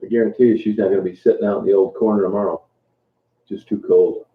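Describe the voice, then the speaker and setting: Low-voiced man on a tinny, echoey stream. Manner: relaxed, halting, many fillers and restarts. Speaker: livestream host. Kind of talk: casual chat with live viewers. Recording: tinny phone-like sound in an echoey room.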